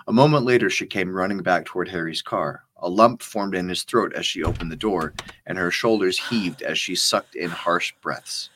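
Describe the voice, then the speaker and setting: A man, the author, reading his spy thriller aloud in a steady, measured narration. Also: deep voice, slight background noise. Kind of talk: scripted audiobook narration.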